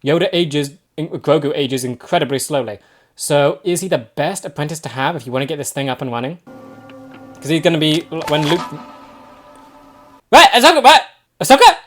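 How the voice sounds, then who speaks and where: A man hosting a reaction video, thinking aloud excitedly and firing off quick questions. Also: fairly high pitch, soft background music. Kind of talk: casual reaction commentary.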